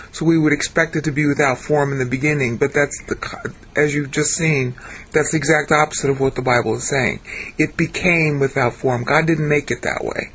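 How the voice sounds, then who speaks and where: Husky-voiced man teaching scripture words. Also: medium pitch, a bit bright. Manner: halting, self-correcting, sounds out words slowly. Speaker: Bible teacher. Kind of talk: screen-share lesson on Hebrew and Greek words.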